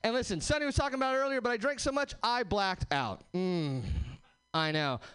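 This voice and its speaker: A man doing stand-up on a packed stage, with a very high voice for a man and a smooth, clear tone. He talks in a brash, profane, self-mocking way through a handheld stage mic. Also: expressive, brisk, a bit bright. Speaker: stand-up comedian. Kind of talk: stand-up comedy set. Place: packed comedy venue stage.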